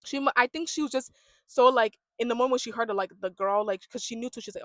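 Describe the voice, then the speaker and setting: Animated woman ranting, dry close sound. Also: fairly high pitch, fast talker, dry recording. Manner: animated, acts out quotes, swings between loud and hushed. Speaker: reality show reviewer. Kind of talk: casual rant vlog.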